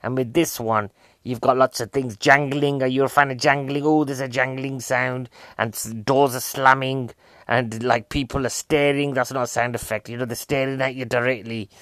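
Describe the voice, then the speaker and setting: A stand-up comedian talks through a rambling comic monologue. He keeps putting questions to his listeners and drifts off into tangents. His voice sits at an ordinary middle pitch, recorded dry and close with no room sound. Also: steady tone, moderate pace, a bit bright, no room sound. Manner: chatty, asks the audience questions, goes off on tangents. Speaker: stand-up comedian reviewing a film.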